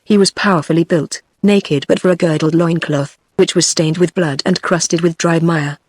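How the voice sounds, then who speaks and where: A text-to-speech voice of a woman with a British English accent, reading an audiobook in a steady, even delivery. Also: low voice, normal speed, husky, dry recording, studio quality. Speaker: audiobook narrator. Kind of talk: synthetic audiobook narration.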